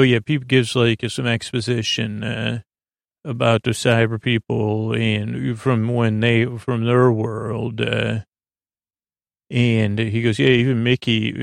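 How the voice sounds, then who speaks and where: Gravelly, flat-voiced man recapping casually. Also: medium pitch, slow pace, no room sound, studio quality. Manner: rambling, filler-heavy retelling with many "he goes". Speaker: podcast host. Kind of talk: casual episode recap for sleep.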